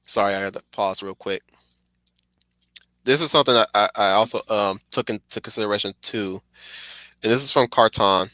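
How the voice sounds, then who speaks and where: A man streaming casual, digressive commentary; he gets excited, laughs often and apologizes for getting sidetracked. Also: lowish voice, normal speed, long pauses, dry recording.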